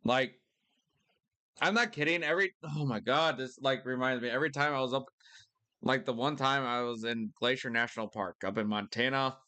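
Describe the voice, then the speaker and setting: A young man doing casual live-stream commentary, rambling excitably and swearing a lot. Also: mid-range voice, normal speed. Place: lives in a city in Missouri.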